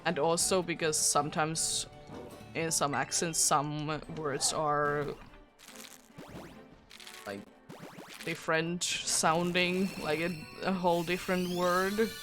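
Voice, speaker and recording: A woman's voice: low-pitched, little pitch movement, takes it slowly, pauses often, over music. A young woman from Finland, speaking English as a second language with a Finnish accent, chatting casually on a livestream and laughing often. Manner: chatty and giggly, with frequent laughs and restarts. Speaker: streamer.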